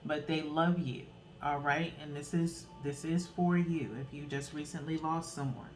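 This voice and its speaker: A woman's voice: sits low, fairly even intonation, unhurried, darkish tone, a little hiss or hum, poor audio. A woman giving a casual, earnest tarot reading, encouraging her listeners and ending phrases with a questioning "okay?". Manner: loose, rambling delivery with restarts. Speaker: tarot reader.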